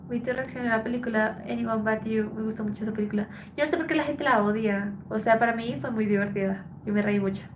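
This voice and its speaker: A tired woman from Colombia, a Spanish speaker, chatting softly with her live-stream viewers as she reads their messages aloud. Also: fairly high pitch, very fast, background noise. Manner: soft, subdued, switching between English and Spanish. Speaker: live streamer reading chat. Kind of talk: casual live-stream chat.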